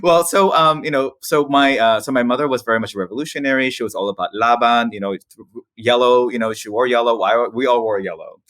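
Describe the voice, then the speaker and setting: Animated storytelling man, dry close sound. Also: mid-range voice, fast talker, no echo. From Philippines. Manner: animated, laughs often, many restarts. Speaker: podcast guest, author. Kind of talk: casual storytelling interview.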